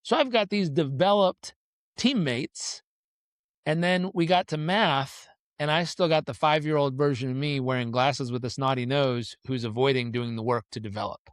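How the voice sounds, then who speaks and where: A man telling stories as a guest on a podcast interview, lively and acting out the people in his stories. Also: mid-range voice, normal speed, no echo, studio quality. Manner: animated storyteller who acts out the people in his stories.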